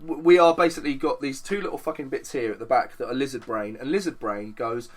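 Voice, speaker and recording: A young man co-hosting a podcast, talking casually in a rambling, sweary, animated way. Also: medium pitch, fast talker, hardly any pauses. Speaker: podcast co-host.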